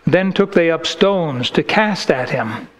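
A man's voice: a little high, expressive, slow pace, rough recording. A man preaching a sermon in church, emphatic and combative, reading scripture aloud and hammering his points. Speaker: pastor.

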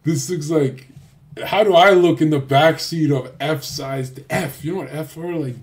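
A man's voice: on the high side, a little slow. Crude, boastful male streamer. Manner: crude, boastful, heavy swearing; rambling, loose, trails off and restarts. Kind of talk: casual livestream rant.

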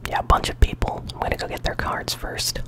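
A channel host whispering gameplay commentary while chewing gum, relaxed and chatty, with flashes of excitement. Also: brisk.

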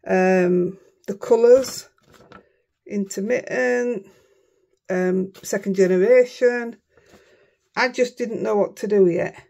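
Chatty Yorkshire craft vlogger, woman, husky and a little gravelly, mutters asides. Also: mid-range voice, takes it slowly, pauses often, dark tone. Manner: chatty, self-mocking, often mutters under her breath. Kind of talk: casual chat while crafting.

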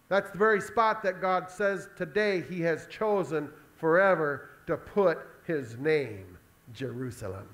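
A male pastor delivering a sermon in an animated storytelling way, acting out Bible scenes. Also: high voice.

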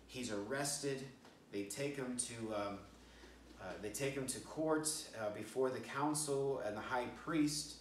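A man's voice: medium pitch, a little slow, slight background noise. An American man preaching a storytelling sermon as a pastor, stumbling and repeating words as he acts out the voices in the story. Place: church sanctuary. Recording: roomy church audio, speaker distant from mic.

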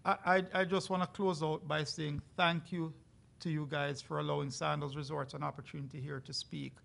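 A man with a fairly high voice speaks as a resort brand representative on a live panel. His delivery is earnest and persuasive, like a sales pitch. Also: little pitch movement, normal speed, vocal fry, fairly bright tone. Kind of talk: panel discussion.

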